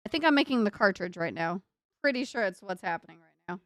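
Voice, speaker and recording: A woman's voice: mid-range voice, animated, fast talker, fairly bright tone, dry recording, clean studio sound. A young woman chatting casually on a live stream from her computer desk, giggling often, with a northern US accent tinged by a Southern drawl. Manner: giggly, laughs often, rambling self-talk. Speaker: livestreamer. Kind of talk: casual live-stream chat while building.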